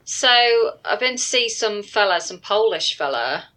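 A woman in casual chat, telling a halting story about a game. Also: mid-range voice, lively intonation, bright, forceful tone, poor audio. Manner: short backchannels, then a halting story.

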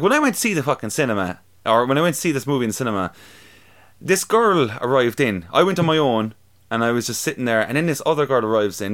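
Young male co-host, relaxed film chat, mid pitch, giggles and swears a lot. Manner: chatty, laughing, swearing freely. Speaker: podcast co-host. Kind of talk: casual chat reviewing films.

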